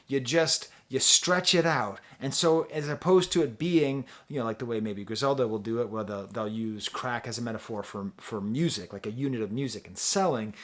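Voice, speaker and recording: A man's voice: medium pitch, a bit bright. A man talking casually as a music reviewer, rambling and chatty, with frequent restarts and easy laughter. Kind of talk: casual album review talk.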